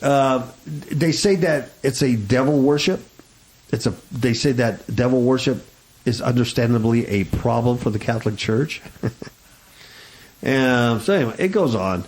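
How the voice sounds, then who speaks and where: A man's voice: mid-range voice, unhurried, darkish tone, low-quality recording. A man hosting a radio talk show, chatting casually in a sarcastic, mocking way. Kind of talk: casual chat.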